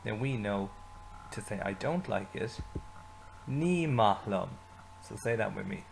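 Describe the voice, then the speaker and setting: A man teaching an Irish language lesson, saying phrases slowly and asking learners to repeat them. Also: fairly low pitch, gravelly, slight background noise, rough recording. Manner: slow repetition, leading learners to say phrases with him.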